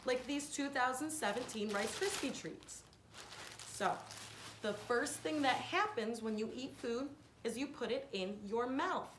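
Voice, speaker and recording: A woman's voice: on the high side, fairly bright tone, slight background noise. Woman teaching kids in an echoey room. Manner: clear, patient step-by-step explaining. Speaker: science teacher. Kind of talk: kids' science lesson.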